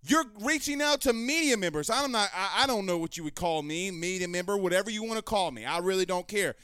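A man hosting a sports talk show, ranting heatedly and raising his voice to shouts. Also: sits high, animated, brisk, hardly any pauses, smooth, dry recording. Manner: fiery, ranting, raises voice to shouting. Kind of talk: heated sports commentary rant.

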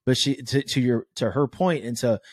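A man's voice: medium pitch, moderate pace, dry recording, studio quality. A man hosting a casual podcast conversation, who jokes and swears freely as he talks. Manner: animated, joking, swears freely.

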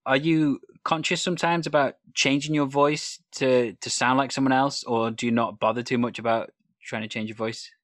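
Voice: medium pitch, steady tone, moderate pace, a bit bright, no echo. Encouraging interviewer, dry close sound. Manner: encouraging, frequent short laughs and affirmations. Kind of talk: interview questions.

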